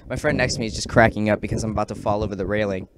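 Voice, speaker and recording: A teenage boy tells rambling stand-up stories in a low-pitched voice. He keeps jumping into squealing, shouted impressions of the people in his stories. Heavy background noise runs under the whole recording. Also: racing. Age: teens. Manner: rambling, excitable, acts out quotes with sudden loud squeals. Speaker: amateur stand-up comic. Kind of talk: casual stand-up storytelling.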